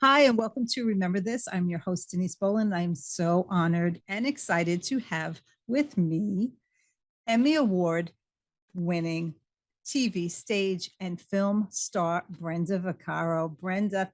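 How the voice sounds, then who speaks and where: A woman's voice: lowish voice, measured pace, no room sound. A woman hosting a talk show interview, introducing her guest with enthusiasm. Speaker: host.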